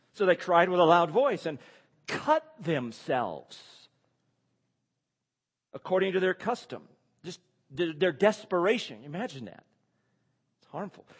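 Animated preacher in an echoing hall. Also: male voice, on the high side, slightly rough. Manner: animated, rhetorical questions, chuckling asides. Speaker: pastor or Bible teacher. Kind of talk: expository sermon. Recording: long reverb of a large hall.

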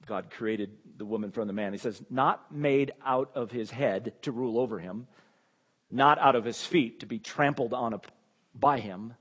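A man's voice: on the low side, big-room sound. A man preaching an expository sermon, emphatic and repeating key phrases, his voice rising when he exclaims.

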